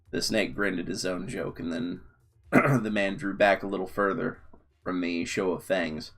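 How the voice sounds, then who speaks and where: Low-voiced guy reading a story aloud, calm and steady, soft guitar in the back. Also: normal speed, gravelly.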